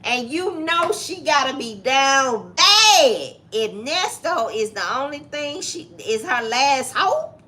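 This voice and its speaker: A woman's voice: sits high, sing-song, slow, sharp tone. A woman with a Southern US accent, co-hosting a casual chat show and giving emphatic, preachy advice to viewers. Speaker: co-host.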